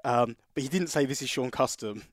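A man co-hosting a podcast, chatting casually into a studio mic. His voice sits at an ordinary pitch, and he keeps restarting his sentences as he rambles through a story. The sound is dry and close, with no room echo. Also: a little fast. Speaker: podcast co-host.

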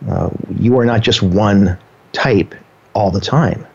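Husky, low-voiced man, lo-fi. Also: a little mellow. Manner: earnest, measured storyteller with fillers. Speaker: partner in a couple being interviewed. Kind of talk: casual conversation. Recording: dull lo-fi sound.

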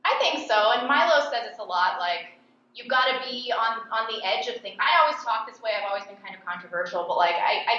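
A woman speaks with a bright, forceful edge and a blunt, sarcastic delivery. The recording is very echoey and slightly dull in tone. She answers interview questions as a commentator, animated and opinionated. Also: mid-range voice. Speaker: political commentator and podcast host.

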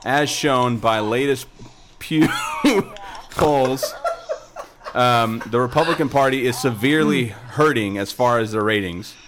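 A man's voice: medium pitch, lively intonation, a little slow. Crude rambling podcast guy, noisy recording. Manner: rambling, crude, laughs between phrases. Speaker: podcast co-host. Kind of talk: crude casual chat. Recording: noticeable background noise.

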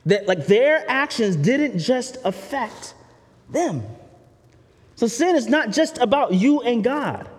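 A man's voice: extremely high pitch, animated, takes it slowly. A man preaching a sermon in a candid, conversational way, often turning to the listeners with asides. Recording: reverberant hall.

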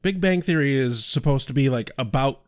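A man's voice: mid-range voice, fairly quick, clean tone, dry recording, clean studio sound. A man co-hosting a casual chat, ranting with profanity and acting out quoted voices. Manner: profane, exasperated rants with animated quoted voices. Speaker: podcast co-host.

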